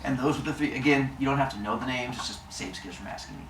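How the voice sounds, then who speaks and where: A man's voice: medium pitch, fast, fairly bright tone, roomy sound, distant mic, a little hiss or hum. A man telling a myth with playful, jokey asides to a live audience. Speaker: storyteller. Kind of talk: comic myth storytelling to an audience.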